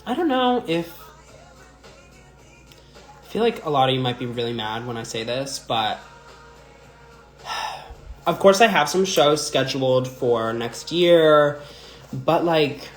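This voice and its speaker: Young male drag performer, loose chatty livestream delivery, filler-heavy, mid-pitched, roomy echo. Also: animated, measured pace, pauses often. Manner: rambling, chatty, many "like" and "um" fillers. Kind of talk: casual livestream chat answering viewer comments. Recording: echoey room with faint music.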